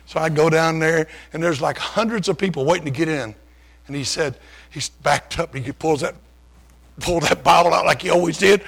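A man's voice: a little high, brisk, fairly bright tone. An older man preaching, telling his own story in a folksy, self-deprecating, conversational way. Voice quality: gravelly, husky. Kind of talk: sermon testimony storytelling.

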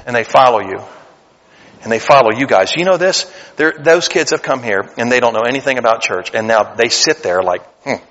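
A pastor in his late forties preaches in a church sanctuary, talking with the congregation conversationally before building to emphatic bursts. His voice is medium-pitched and a bit bright, with a long reverb tail.

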